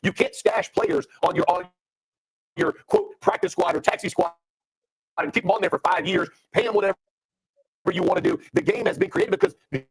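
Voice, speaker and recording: A man analyzing football on a sports talk show, measured and explanatory. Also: high voice, very animated, gravelly, slightly rough, no echo, poor audio.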